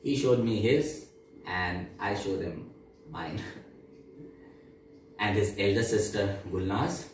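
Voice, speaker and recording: An actor playing a young man who fondly recalls crude childhood discoveries, speaking in slow, reflective storytelling. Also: on the low side, slight background noise. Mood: wry nostalgic. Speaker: stage actor. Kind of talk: theatrical monologue. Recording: echoey room, mic far off.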